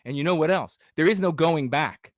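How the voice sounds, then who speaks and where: A man with a high-pitched voice ranting on a livestream, confrontational and profane, who often climbs into shouting. He is recorded close and dry, with no room echo. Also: normal speed. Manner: combative and profane, rising to shouts. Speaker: livestream host. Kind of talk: livestream rant.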